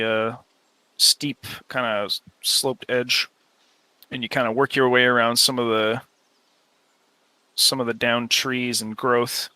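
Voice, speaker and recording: A man narrating a tabletop game as game master, relaxed and unhurried, with many filler pauses. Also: mid-range voice, smooth, no echo.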